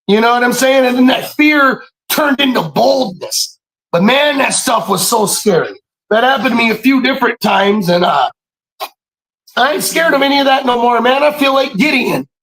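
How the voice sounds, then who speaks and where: A man telling stories in a casual monologue, animated and preachy, swearing freely and often breaking into shouts. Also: very high-pitched, poor audio. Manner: profane, streetwise slang. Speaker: podcast speaker.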